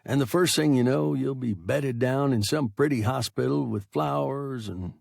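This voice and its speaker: A man reading a gruff tough space captain. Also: mid-range voice, moderate pace, dry recording, studio quality. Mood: firm. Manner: firm, trying to sound soft.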